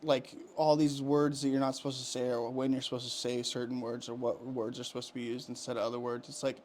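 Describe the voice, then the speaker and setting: With slight background noise, a male podcast co-host in his thirties rants heatedly and profanely, rambling through many restarts in casual chat. His medium-pitched voice is level, fast, and a little mellow.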